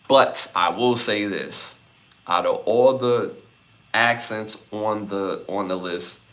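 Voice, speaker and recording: A man's voice: lowish voice, takes it slowly, a bit bright. A man from Brooklyn, hosting a live podcast, reading out chat comments and repeating his lists. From Brooklyn, New York. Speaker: podcast host.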